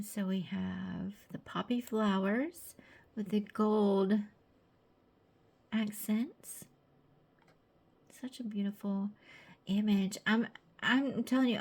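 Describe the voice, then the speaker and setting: A woman's voice: mid-range voice, gravelly. A woman with a Southern American accent, chatty and gushing, presenting her own tarot deck in a casual video with many fillers.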